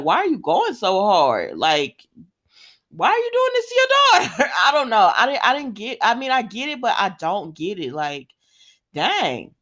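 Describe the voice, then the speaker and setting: A woman, casually recapping a soap opera episode, chatty, laughing often and slipping into voices for the characters. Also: medium pitch.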